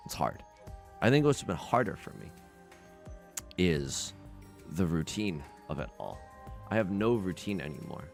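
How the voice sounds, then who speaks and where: A young man streaming a game, chatting in a rambling, self-deprecating way with sudden loud outbursts. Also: low-pitched, creaky. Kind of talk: casual livestream chat while gaming.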